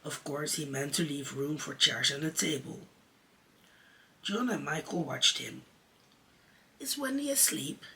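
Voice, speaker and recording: Drag queen reading a storybook out loud, slow and careful, bright sharp tone, sounds a bit far from the mic. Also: fairly high pitch, gravelly. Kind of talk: storybook read-aloud.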